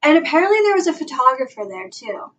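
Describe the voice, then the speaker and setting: A woman's voice: high-pitched, very animated, quick pace, fairly bright tone, muffled recording. Gushing young woman, slightly distant mic. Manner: breathless, gushing, filler-heavy storytelling. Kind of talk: excited storytelling vlog. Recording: voice a bit far from the mic, faint background noise.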